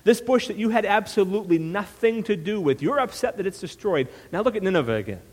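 Man doing a calm wry God, patient questions, echoing hall. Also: high voice, fast talker, pitched above the performer's own voice. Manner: patient, gently sarcastic questioning. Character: calm, wry male deity questioning a prophet. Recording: long reverb of a hall.

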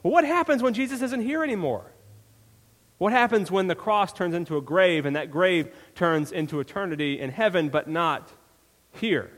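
Man, pastor, conversational sermon, slightly high voice, long reverb of a church hall. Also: normal speed. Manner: conversational storytelling, animated when retelling scenes.

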